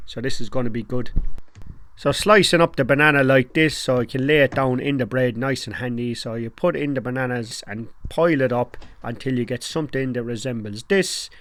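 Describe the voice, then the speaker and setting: Irish guy in his thirties, chatty home-cook vlogger, jokey and slangy, mid-pitched voice. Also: a little fast, fairly bright tone, a little hiss or hum. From Ireland. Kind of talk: casual cooking vlog chat.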